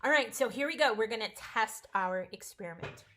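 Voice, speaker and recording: A woman's voice: on the high side, animated, normal speed, heavy background noise. A woman teaching a casual home-school science lesson, chatty, playful and encouraging.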